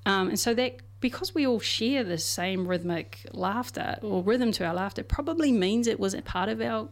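A woman's voice: medium pitch, moderate pace. A woman co-hosting a casual science podcast, explaining research in a chatty way with everyday examples and frequent fillers.

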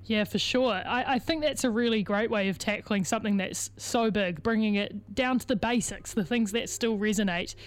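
Kiwi woman interviewing a guest on radio, chatty and relaxed. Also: medium pitch, moderate pace, few pauses. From New Zealand. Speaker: radio host.

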